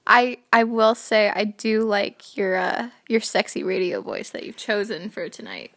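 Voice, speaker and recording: A young woman hosting a playful mock podcast in a mock-serious, deadpan way. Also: medium pitch, unhurried. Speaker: podcast host.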